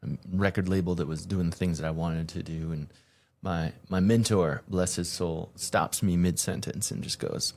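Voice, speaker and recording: A man with a fairly low voice hosts his own podcast in a loose solo monologue. He talks in an energetic, chatty way, and his pitch jumps up high when he gets excited. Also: normal speed. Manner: energetic, conversational, hype greetings. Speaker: podcast host.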